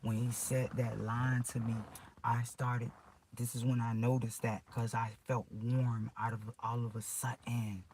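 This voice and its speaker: A man's voice: lowish voice, darkish tone, slight background noise, low-quality recording. A man emotionally recounting a personal ordeal to his viewers in casual, profane, rambling speech full of restarts.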